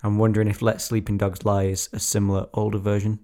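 A man's voice: lowish voice, completely flat delivery, quick pace, dark tone. A man co-hosting a podcast, musing and thinking aloud in casual chat. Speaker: podcast co-host.

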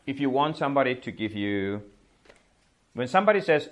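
A man whose first language is Czech teaches a language class, explaining phrases with lively example dialogues. His voice is medium in pitch and he speaks a little fast.

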